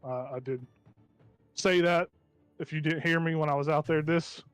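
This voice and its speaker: A man's voice: on the high side, fairly even intonation, normal speed, clear, resonant tone, dry recording, faint music behind, natural voice. Man doing a jovial country dwarf gunslinger. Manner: folksy, friendly drawl, stereotypical country talk.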